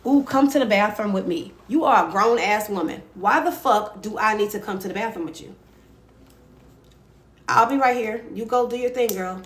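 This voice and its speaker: A woman's voice: medium pitch, moderate pace, fairly bright tone, roomy sound. A woman with a Louisiana accent hosting a livestream and giving advice in a blunt, sassy, profane way, often tagging on "right?". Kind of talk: casual livestream advice talk.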